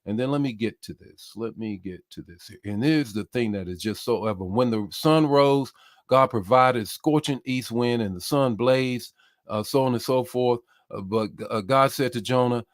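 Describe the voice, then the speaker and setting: A man's voice: medium pitch, lively intonation, normal speed. A bishop preaching a sermon with passion, repeating his key phrases and reading out comments from listeners. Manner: impassioned, repeats phrases, reads comments aloud.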